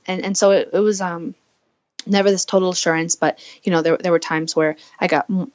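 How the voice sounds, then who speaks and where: A woman in her twenties from the United States, appearing as a podcast guest, earnestly tells her own story in a fairly low voice, voicing her past thoughts aloud as she candidly recounts events. The audio sounds dull.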